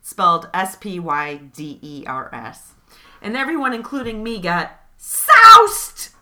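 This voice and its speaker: A woman co-hosting a comedy podcast, giggly and animated as she reads fan fiction in a mock-dramatic voice. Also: fairly low pitch, normal speed. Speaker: co-host reading fan fiction.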